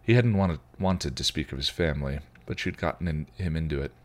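A man, a podcast host, reading fan fiction aloud in an expressive storytelling way. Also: extremely low pitch, brisk.

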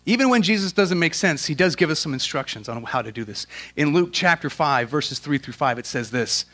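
A man preaching a sermon as a pastor, in a casual, slangy way, swinging from loud emphatic questions to quiet, earnest prayer. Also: a little high, expressive, fairly quick.

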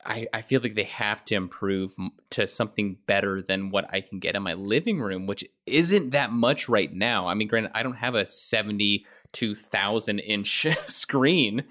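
A man's voice: lowish voice, moderate pace, few pauses, sharp tone. A man co-hosting a podcast, chatting casually, reading passages aloud and joking around. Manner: reads aloud, laughs often, jokey. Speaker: podcast co-host. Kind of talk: casual chat.

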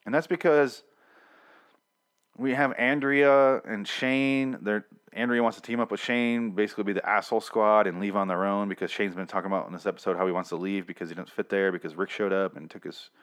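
A man's voice: lowish voice, fairly even intonation, a little fast, smooth. A man casually recapping a TV episode, with blunt, profane rants.

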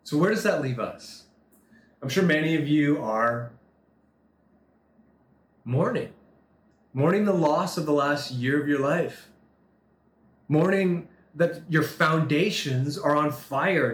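A man preaching a sermon, talking through a scripture passage in a conversational way, with quick asides and slower, dramatic reading. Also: a little high, roomy sound. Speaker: pastor.

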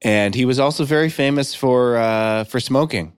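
A man's voice: medium pitch, normal speed, clean tone, dry recording, clean studio sound. A man co-hosting a podcast, chatting in a teasing, storytelling way. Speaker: podcast co-host. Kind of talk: casual chat.

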